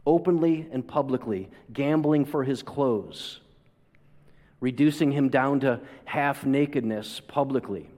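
A man's voice: medium pitch, a little mellow. A man preaching a sermon, asking rhetorical questions and acting out quoted voices with dramatic swings. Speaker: pastor. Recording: long hall reverb.

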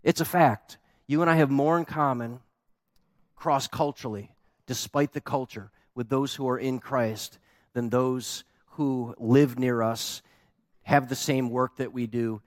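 Male pastor, sermon, animated storytelling, dry close sound. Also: medium pitch, measured pace, no echo. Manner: animated storytelling with acted-out quotes.

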